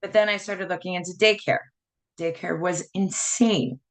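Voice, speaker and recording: A woman's voice: lowish voice, fairly even intonation, normal speed. Chatty woman in her thirties telling her story. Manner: rambling storytelling full of "like" and "you know". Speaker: network marketing presenter. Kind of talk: personal testimonial talk.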